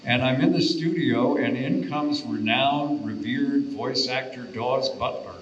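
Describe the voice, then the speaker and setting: A man's voice: mid-range voice, measured pace, dull audio, a little hiss or hum. Older man reminiscing in an echoey room. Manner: reminiscing, admiring. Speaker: voice actor panelist. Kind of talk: anecdotal panel storytelling. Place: convention panel room.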